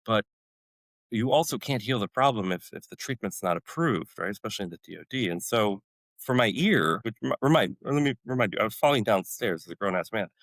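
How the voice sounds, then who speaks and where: A man's voice: on the low side, lively intonation, brisk, fairly bright tone, dry recording, low-quality recording. A man in his forties, a former special forces medic, telling his story as a podcast guest and acting out his own past outbursts. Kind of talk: storytelling interview.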